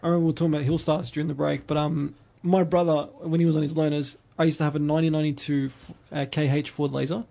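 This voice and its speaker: Fast-talking Australian man telling stories. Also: a little high, flat delivery, vocal fry, dark tone. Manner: rambling storyteller with many restarts. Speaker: podcast host. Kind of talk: casual chat.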